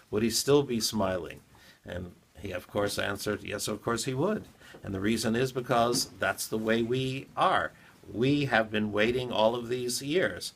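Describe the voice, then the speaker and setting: A man, a rabbi, giving a short morning talk after prayers, retelling a teaching in a measured storytelling way with quoted dialogue. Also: fairly low pitch, creaky, fairly bright tone, husky.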